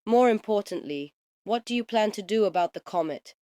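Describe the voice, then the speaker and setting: A man's voice: sits high, expressive, brisk, warm tone, clear, resonant tone, no echo, studio quality, voice pushed up. A man voicing a clever, composed Time Lady in a raised, precise voice. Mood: cool.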